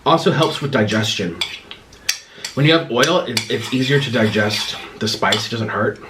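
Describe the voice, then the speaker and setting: A young man chatting casually on his vlog while eating spicy food, his mouth burning, clearing his throat often and rambling through viewer questions. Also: mid-range voice, expressive, moderate pace, heavy background noise. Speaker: vlogger.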